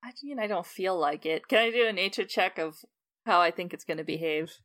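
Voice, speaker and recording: A woman playing a tabletop role-playing game, calling out her attacks in a relaxed manner. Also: fairly low pitch, fairly quick. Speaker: player.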